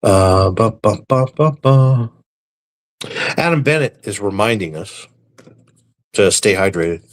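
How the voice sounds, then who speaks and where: A man hosting a live stream, reading viewer comments aloud and answering them with deadpan, crude, mock-serious jokes. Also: lowish voice, takes it slowly. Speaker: livestream host reading chat. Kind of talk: casual live-stream banter.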